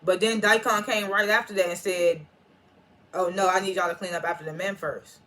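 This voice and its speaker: Bright-voiced chatty TV episode recapper. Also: mid-range voice, fairly even intonation, brisk. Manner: chatty, slangy retelling with laughter; frequent restarts and repeated names. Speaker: TV episode reviewer.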